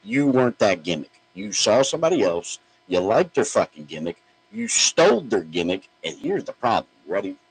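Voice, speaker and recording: A man's voice: fairly low pitch, big pitch swings, normal speed, breathy edge, poor audio. A man hosting a podcast, ranting in a blunt, profane, mocking way. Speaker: podcast host. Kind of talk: opinionated podcast rant.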